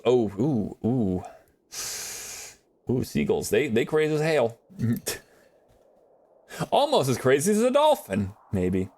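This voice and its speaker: A man chatting casually on a live gaming stream, rambling and animated as he reads and answers chat from his viewers. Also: mid-range voice. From United States.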